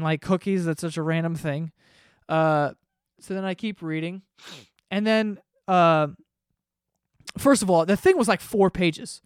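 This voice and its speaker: A man spins a rambling, profane story in casual podcast chat. His voice sits a little high, with quick bursts of excitement. The sound is dry and close, with no room around it. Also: dry recording. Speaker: podcast host.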